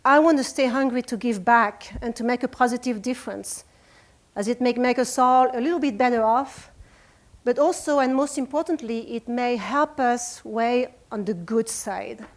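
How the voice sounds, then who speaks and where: A woman's voice: on the high side, normal speed. A woman in her forties with a French accent, giving an earnest, emotional motivational talk at a retreat. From France. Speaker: speaker. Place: retreat conference room.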